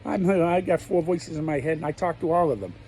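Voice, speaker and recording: A middle-aged man rambles candidly to camera as he walks around his backyard pool. His voice is mellow and darkish, and he talks in a blunt, folksy way. Faint outdoor ambience sits behind him. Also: a little high, flat delivery, brisk, slight background noise, low-quality recording. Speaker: vlogger. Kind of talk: rambling personal monologue.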